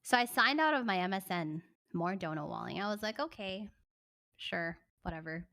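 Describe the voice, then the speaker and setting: A young woman livestreaming, telling a story in casual, animated chat and breaking off to thank viewers. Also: mid-range voice, brisk, no room sound, clean studio sound.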